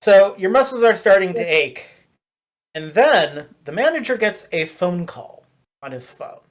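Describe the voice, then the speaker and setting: A game master who narrates a tabletop game casually and haltingly, filling pauses with uhs and ums. The voice sits at a medium pitch, neither high nor low. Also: very animated. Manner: casual, halting, many fillers.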